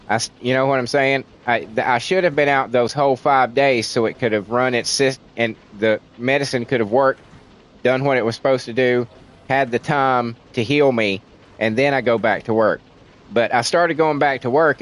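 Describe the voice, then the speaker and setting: A man's voice: medium pitch, poor audio. A man from Tennessee with a thick Southern accent, venting in casual, rambling livestream chat and swearing freely. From Tennessee, USA.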